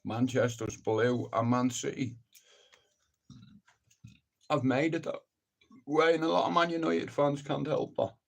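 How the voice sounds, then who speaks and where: A man's voice: mid-range voice, fairly even intonation, unhurried, creaky, long pauses. A middle-aged man hosting a live stream, ranting casually in a blunt, sweary, rambling way. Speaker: livestream host.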